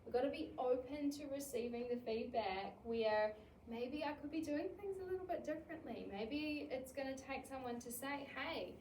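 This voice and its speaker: A woman, an early childhood educator giving an animated talk on child care, acting out little scenes in quoted voices. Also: high voice, moderate pace, a little hiss or hum. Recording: echoey room, mic at a distance.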